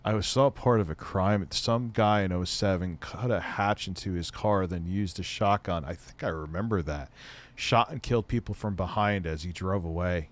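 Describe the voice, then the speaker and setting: On his casual commentary stream, a middle-aged host speaks at normal speed in a low voice. He rambles, curses frequently and is quick to laugh.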